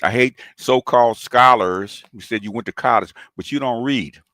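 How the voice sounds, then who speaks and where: A man's voice: mid-range voice, normal speed, sharp tone, no room sound. A man, hosting a channel and delivering a combative, taunting call-out rant, often tossing in "okay?". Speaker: commentary channel host.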